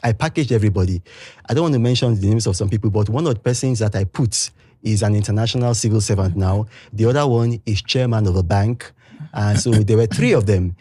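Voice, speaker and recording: A man with a Nigerian accent, speaking as an interview guest in an emphatic, heated, animated way. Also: on the low side, quick pace, husky, dry recording, studio quality. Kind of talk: interview talk.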